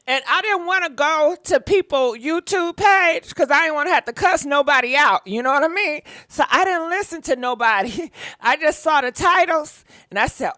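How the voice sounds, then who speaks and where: High bright-voiced lady spilling celebrity tea, dry close sound. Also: expressive, moderate pace, dry recording. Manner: sassy, laughing, talks back at celebrities. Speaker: gossip show host. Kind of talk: casual live gossip commentary.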